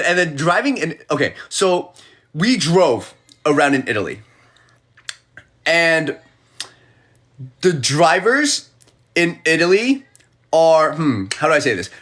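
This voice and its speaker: A man chatting casually on a phone live stream as an animated storyteller who acts out the people he quotes. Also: on the high side. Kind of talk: casual livestream chat.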